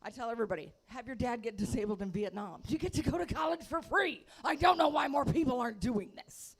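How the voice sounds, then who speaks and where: Female stand-up, brash and crude, slightly high voice, dry delivery. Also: fast talker, slightly rough. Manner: brash, crude, deadpan punchlines. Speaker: stand-up comic. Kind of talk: stand-up comedy set. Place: comedy bar, live audience.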